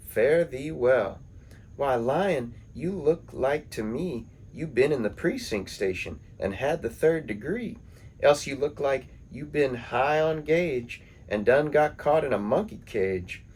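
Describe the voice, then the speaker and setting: A man's voice: medium pitch, a little mellow, slightly rough, pitched above the performer's own voice. A man voicing a cheeky male monkey who taunts from a tree in folksy slang, in a spoken story. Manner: jeering, sly, folksy slang.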